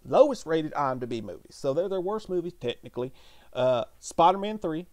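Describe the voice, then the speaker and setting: A man's voice: on the high side, sing-song, fairly quick, a little mellow. A man co-hosting a live movie stream in loose, profane, joking banter, sometimes hollering to rally viewers.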